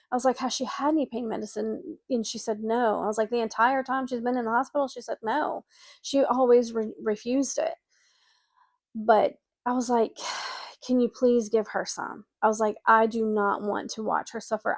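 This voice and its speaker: Middle-aged lady, higher voice, talking straight to grieving folks, earnest and emotional, dry close sound. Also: no echo. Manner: earnest, emotional, speaks directly to grieving listeners. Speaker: spiritual coach and medium. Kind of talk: personal storytelling to camera.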